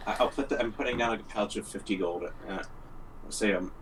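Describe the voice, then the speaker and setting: A blunt, halting man playing a tabletop game. His voice is very deep and sounds distant from the mic, with faint noise around it. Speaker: player. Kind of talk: casual tabletop play. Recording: far from the mic.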